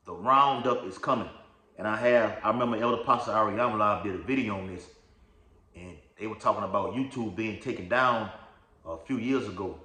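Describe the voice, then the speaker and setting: A man preaching informally, with a fairly low voice and a loose, rambling delivery, often checking in with his listeners. He stops to read verses aloud. The room around him sounds echoey. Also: fairly quick, sharp tone. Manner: rambling, repeats "all right?" and "okay?", reads scripture aloud. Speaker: lay preacher. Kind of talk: informal religious teaching video.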